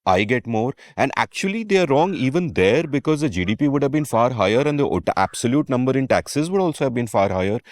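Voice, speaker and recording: A man's voice: medium pitch, lively intonation, fast, hardly any pauses, darkish tone, no room sound. A man, co-hosting a podcast with wry, dry humor. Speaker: podcast co-host. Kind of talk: conversational podcast talk.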